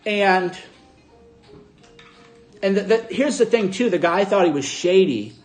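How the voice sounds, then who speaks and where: A man casually recounting a story to his audience, acting out both sides of an argument with animated delivery. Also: high-pitched, measured pace, faint music behind. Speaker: host.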